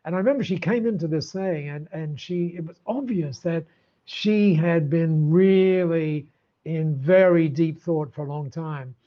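An older man, a podcast guest, telling stories in an animated way with many restarts and laughs. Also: fairly high pitch, a little slow, dull audio. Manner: animated, warm storyteller with frequent restarts and laughs. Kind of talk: storytelling in an interview.

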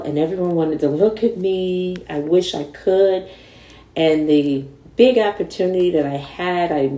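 A woman's voice: lowish voice, reverberant, far from the mic, poor audio. A woman, a guest in a candid conversation, telling her story animatedly and acting out the people in it. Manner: animated, acts out quoted voices.

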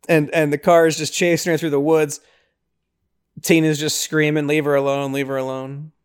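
A young man hosting a podcast excitedly recaps a horror film in a casual chat, using lots of fillers. He briefly acts out the characters' lines in high voices.

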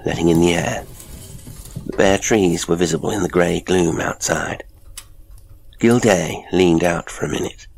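A man reading a classic horror story as narrator, in a slow, measured, ominous storytelling manner. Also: sits low, vocal fry, husky.

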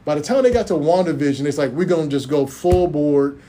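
Man co-host, somewhat high voice, animated and laughing, casual movie chat podcast. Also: a little fast. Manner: animated, laughs often, repeats words.

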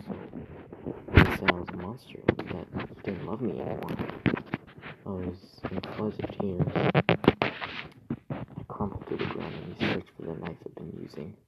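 Low creaky guy reading a creepy story, slips into whispers a lot, noisy hissy audio. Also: lively intonation. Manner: slow, hushed, often dropping to a whisper. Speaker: horror story narrator. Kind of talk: scripted horror narration.

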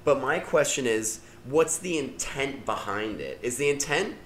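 Young male podcast co-host, animated and profane, very lively intonation. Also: mid-range voice, unhurried, slight background noise. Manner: animated, swears a lot, laughs often. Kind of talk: casual chat.

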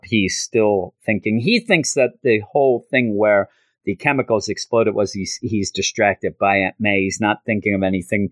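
This podcast host recaps a comic in an easygoing, animated style, switching to quick high-pitched voices for characters. The recording is dry.

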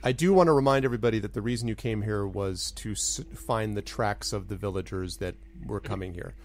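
A man's voice: fairly low pitch, a little fast. A man narrating as game master of a tabletop game, playful and storytelling.

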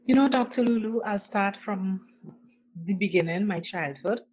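A woman's voice: medium pitch, slow pace, husky. A middle-aged woman from Trinidad and Tobago with a Trinidadian accent, telling her life story earnestly as a podcast guest. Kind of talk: personal storytelling.

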